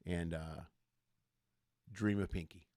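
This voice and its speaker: A man hosting a show, giving somber closing remarks in a halting, soft-spoken way. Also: sits low, steady tone. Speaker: show host.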